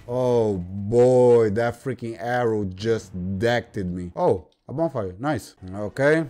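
A man giving casual gameplay commentary, slangy and playful, breaking into loud excited yelps and exclamations. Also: fairly low pitch, measured pace, few pauses, soft background music. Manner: slangy, playful banter at the game. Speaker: gaming YouTuber.

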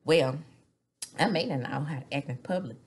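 Cool, unbothered comeback woman, low and breathy, put on by a recapper. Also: normal speed. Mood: defiant.

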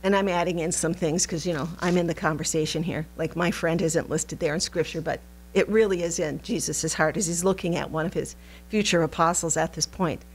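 A woman teaching a recorded Bible study in an animated, playful way, laughing often. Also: fairly low pitch, a little fast, a little hiss or hum.

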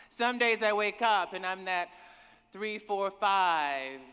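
A woman's voice: mid-range voice, lively intonation, takes it slowly, fairly bright tone, clean tone. A woman giving an emotional, emphatic conference keynote, calling out to the audience. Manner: emotional, emphatic, calls out to the crowd. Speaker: keynote speaker. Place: large conference hall. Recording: reverberant hall with cheering crowd.

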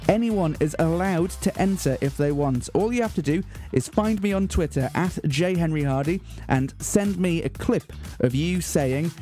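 Male community radio host, deadpan mock-grand delivery, mellow tone, light music bed. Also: on the high side, normal speed, few pauses. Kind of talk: radio show presenting. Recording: faint music bed behind.

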